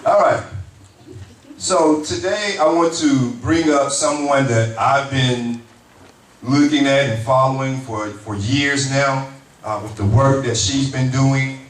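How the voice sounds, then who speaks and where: At a community town hall, a man serving as emcee, who also teaches at a university, delivers earnest, grateful acknowledgements and speaker introductions. He speaks slowly at medium pitch, recorded far from the mic in a roomy hall with faint noise.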